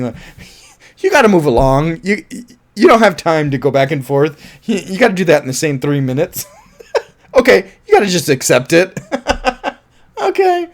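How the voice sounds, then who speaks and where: Animated, chuckling movie-review guy. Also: a little high. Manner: animated, laughs often, swears casually. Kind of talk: casual spoken review.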